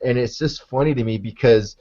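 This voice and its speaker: A man's voice: medium pitch, fairly quick, mellow, lo-fi sound. A man hosting a casual live-show chat, laid-back and profane, calling everyone "man". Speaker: show host.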